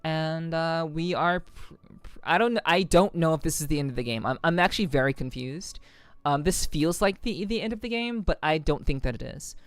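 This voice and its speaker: A woman's voice: low voice, normal speed, clean tone, no room sound. A woman streaming a game with a slightly sore, scratchy throat, chatting casually and greeting viewers over and over. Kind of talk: casual live-stream chat.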